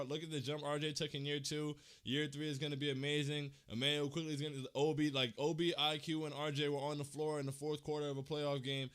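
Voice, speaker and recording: A man's voice: a little high, a bit bright, smooth. A young man hosting a fan livestream, talking casually in slang and holding back tears, repeating himself as he thanks his viewers. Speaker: fan channel host.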